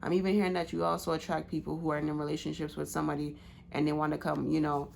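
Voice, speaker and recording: A woman's voice: sits low, little pitch movement, fast talker, gravelly, darkish tone, a little hiss or hum. A woman giving a casual pick-a-card tarot reading, loose and slangy with many fillers.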